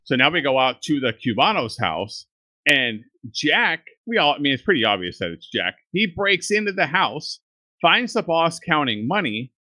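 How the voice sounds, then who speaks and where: A man with a bright, forward voice co-hosts a casual podcast. He recaps a TV episode with animated energy, slipping into quick impressions of the characters and laughing often. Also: a little high. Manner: animated retelling, acting out quotes, laughs often. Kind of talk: casual chat.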